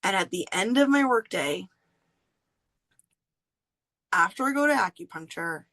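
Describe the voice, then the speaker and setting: A woman hosting a podcast, candidly telling a personal story in an animated way and laughing often. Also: medium pitch, low-quality recording. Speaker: podcast host.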